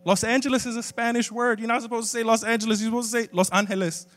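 A man with a high voice delivers a funny, animated sermon, jumping from loud bursts to hushed asides. His voice rings out with the long reverb of a church sanctuary. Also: rapid-fire. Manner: animated, swings from loud exclamations to quiet asides. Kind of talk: humorous sermon. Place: church sanctuary with a live congregation.

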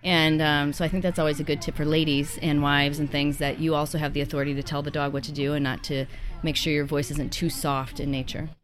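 A woman's voice: deep voice, level tone, brisk. Female co-host, earnest, advice-giving tone. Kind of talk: casual advice talk.

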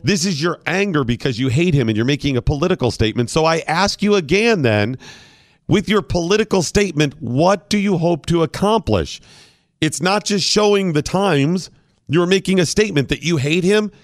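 A man's voice: fairly high pitch, dry recording, clean studio sound. Opinionated male talk radio host. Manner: argumentative, fires off rhetorical questions.

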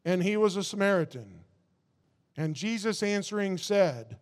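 Slow, high-voiced preacher in a hall. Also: male voice. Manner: slow and emphatic, reading scripture in drawn-out phrases; bursts into high animated asides. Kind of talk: sermon.

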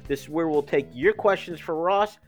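A man's voice: fairly high pitch, normal speed, faint music behind. A man hosting a sports talk show, reading ads and listener questions with playful emphasis. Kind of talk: casual sports chat and ad reads.

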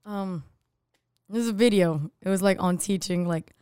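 A young woman co-hosts a casual podcast, giggly in chat and careful when she reads ads. Her voice is clear and smooth, recorded close and dry. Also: mid-range voice, moderate pace, mellow, dry recording. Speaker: podcast co-host.

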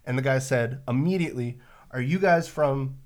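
A man with a Bay Area accent, chatting as co-host of a casual podcast. He explains things in a loose, rambling way, full of "uh" and "like". His pitch sits in an ordinary middle range for a man. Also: normal speed. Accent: San Francisco Bay Area. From San Francisco Bay Area. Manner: rambling, explains with many fillers and restarts. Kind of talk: casual chat.

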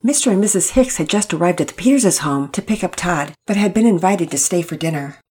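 Brief: woman storybook narrator, low-pitched, husky, lively intonation. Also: fairly quick. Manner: expressive, even storytelling. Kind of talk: storybook reading.

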